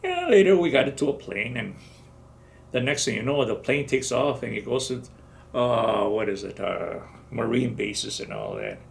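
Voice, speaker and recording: A man's voice: mid-range voice, very animated, normal speed, vocal fry. A man in his seventies, a veteran in an oral history interview, telling his stories in a rambling way and acting out the dialogue. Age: 70s. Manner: rambling storytelling, acts out dialogue.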